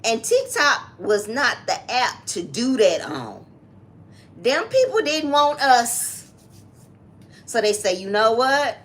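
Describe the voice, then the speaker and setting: A woman co-hosts a casual chat, often chiming in with quick agreement. She speaks slowly, with a fairly high voice that rises and falls widely. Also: big pitch swings, a bit bright. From Atlanta, Georgia, US. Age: 30s. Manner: chatty, frequent agreeing interjections. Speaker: co-host, daughter.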